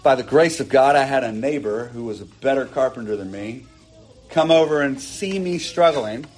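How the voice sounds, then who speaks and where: A man's voice: medium pitch, normal speed, a little mellow, faint music behind. Male pastor, mid-range voice, earnest emphatic sermon delivery from the pulpit. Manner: earnest, emphatic preaching with rising bursts and asides. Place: church, preaching from a pulpit.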